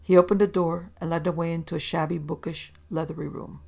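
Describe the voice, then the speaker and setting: A woman reading a story aloud in steady, measured narration. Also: fairly low pitch, creaky.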